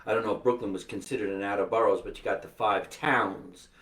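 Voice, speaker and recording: A man hosting a live podcast, chatting and joking with quick asides. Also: fairly low pitch, steady tone, fairly bright tone, distant mic. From New Jersey. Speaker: podcast host. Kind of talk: casual live-stream chat. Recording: echoey room, voice from off the mic.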